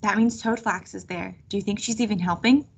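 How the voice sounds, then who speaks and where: A woman's voice: mid-range voice, brisk, vocal fry, husky. A woman reading aloud voices a curious young girl witch who asks eager questions.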